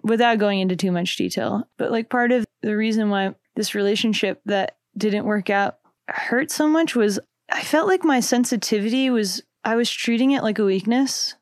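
Smooth-voiced reflective young woman. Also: medium pitch, normal speed, no room sound, studio quality. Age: young adult. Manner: reflective, rambling, self-interrupting with soft laughs. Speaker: musician guest. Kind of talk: casual interview chat.

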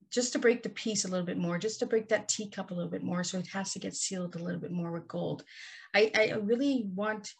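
Husky-voiced woman telling her story. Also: fairly low pitch. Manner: earnest, heartfelt, slow and deliberate. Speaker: podcast guest. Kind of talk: personal storytelling interview.

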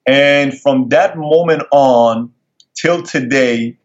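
A man's voice: mid-range voice, slow. A man from Iran telling personal stories as an interview guest, intense and emphatic. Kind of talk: emotional personal storytelling. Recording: dull lo-fi sound.

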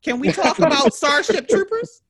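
A high-voiced woman, chatting as a podcast co-host. Her pitch swings widely as she gossips, swearing freely and mimicking people. The talk is loose and very animated. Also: normal speed. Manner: animated, profane, acts out others in high voices. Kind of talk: casual reality-TV gossip chat.

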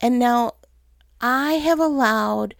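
Earnest woman preacher with a gravelly edge. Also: a little high, slow, dry recording, clean studio sound. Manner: earnest, emotional, speaks to listeners as "guys". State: tearful. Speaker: pastor's wife giving a message. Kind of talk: sermon, personal testimony.

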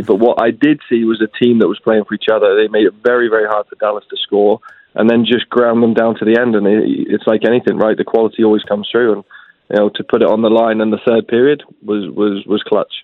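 A man phoning in to a sports radio show, rattling along fast with constant restarts. He comes through a tinny phone line that sounds dry. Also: on the low side, flat delivery, no room sound. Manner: rapid, halting, many restarts. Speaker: soccer player calling in.

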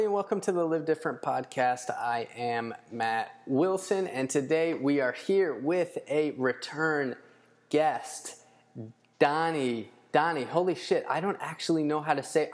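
A man's voice: fairly high pitch, lively intonation, normal speed. A man hosting a podcast in casual chat, loose and profane with plenty of fillers. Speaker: podcast host.

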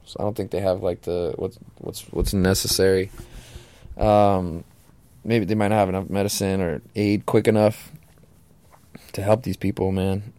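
A man's voice: low-pitched, flat delivery, moderate pace, mellow, clear, resonant tone. A man hosting a podcast alone, talking casually in a laid-back, slangy, profane way. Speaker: podcast host. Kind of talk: casual solo podcast monologue.

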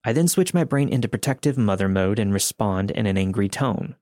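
Low-voiced man narrating a horror story. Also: animated, brisk, a little mellow, no room sound, studio quality. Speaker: podcast host and story narrator.

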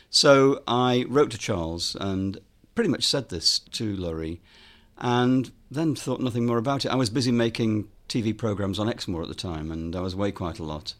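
A man's voice: fairly low pitch, expressive, moderate pace, a bit bright. A man, a filmmaker and author, telling a story in an interview, with lots of ums and quoted dialogue.

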